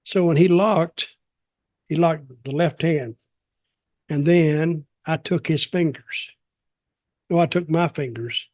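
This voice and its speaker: A man's voice: a little high, takes it slowly, long pauses, darkish tone, no room sound, clean studio sound. An older man hosting a podcast, telling a casual story in a rambling, blunt and profane way.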